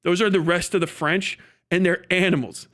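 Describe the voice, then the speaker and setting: High-voiced man ranting profanely. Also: fairly even intonation, moderate pace, fairly bright tone. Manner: profane, ranting, laughs often. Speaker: streamer. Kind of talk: casual livestream chat.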